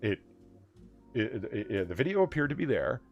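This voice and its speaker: A man's voice: medium pitch, very animated, normal speed, gravelly, muffled recording, faint music behind. A man hosting a casual late-night livestream chat, rambling and swearing, laughing often. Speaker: livestream host of a late-night bar hangout.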